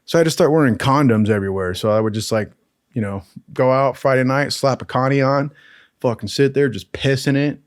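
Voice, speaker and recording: A man's voice: mid-range voice, a little fast, clear, resonant tone, no room sound. Chill guy cussing his way thru old training stories, says dude a lot, dry close sound. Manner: profane, laid-back, keeps saying "dude". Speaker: storyteller recalling military training. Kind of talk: casual crude anecdote telling.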